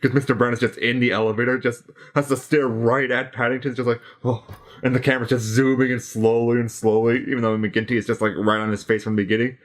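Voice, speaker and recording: A man's voice: medium pitch, little pitch movement, quick pace, few pauses. A young man co-hosting a film review in casual chat, easygoing and agreeable, laughing often.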